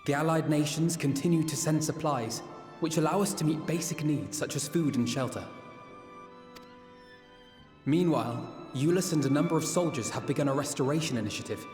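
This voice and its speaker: An actor playing an earnest young male scholar and diplomat who speaks in formal, measured, old-fashioned phrasing. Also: on the high side, darkish tone, echoey room, long reverb tail, soft background music, natural voice.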